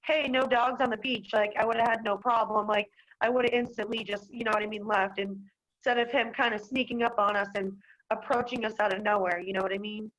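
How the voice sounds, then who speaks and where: A woman's voice: medium pitch, fairly even intonation, fairly quick, a bit bright, poor audio. A young woman from Massachusetts telling a town board about an incident over a video call, rambling with lots of "like" and "you know". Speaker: dog owner at a hearing.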